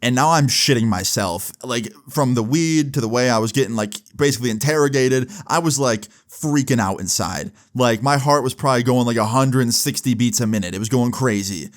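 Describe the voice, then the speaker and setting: A young man telling a personal story in a casual vlog, animated, with lots of fillers. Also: mid-range voice, a little fast, hardly any pauses. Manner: animated, swearing, fillers like "like" and "right". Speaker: vlogger.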